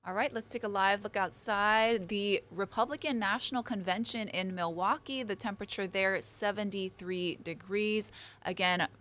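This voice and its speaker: A woman anchoring a local newscast, introducing stories and the weather in a clear, crisp way. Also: medium pitch, normal speed, fairly bright tone. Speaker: news anchor. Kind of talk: live news anchoring.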